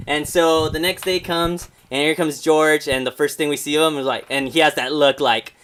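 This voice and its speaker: A man's voice: a little high, flat delivery, moderate pace, hardly any pauses, fairly bright tone, clear, resonant tone. Rambling young man telling stories. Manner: rambling storyteller, many restarts and fillers; swears freely and laughs at his own stories. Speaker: podcast co-host. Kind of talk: casual chat.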